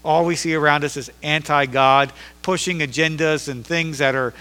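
A man's voice: a little high, fairly even intonation, normal speed, pushed and bright. Preaching man in an echoing church. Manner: preaching, rising to emphatic intensity when reading scripture. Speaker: pastor. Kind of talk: sermon. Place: church sanctuary. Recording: echoey hall reverb.

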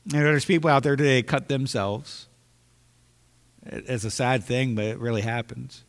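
A man's voice: medium pitch, steady tone, measured pace. A man preaching a sermon with emphasis, repeating phrases to drive his points home. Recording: long hall reverb.

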